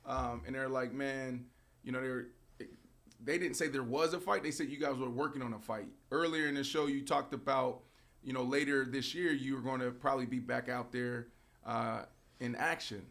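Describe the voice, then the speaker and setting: A man's voice: medium pitch, normal speed, fairly bright tone. A male podcast host asking questions in loose, conversational chat. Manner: loose, conversational, repeats words as he starts. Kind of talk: casual interview chat.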